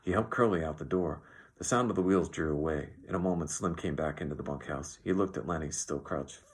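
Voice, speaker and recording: Deep-voiced male audiobook narrator. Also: brisk. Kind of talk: scripted narration.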